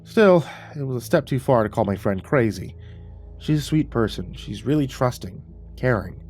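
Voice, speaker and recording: A man narrating a horror story in a wry, even storytelling manner. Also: mid-range voice, normal speed, soft background music.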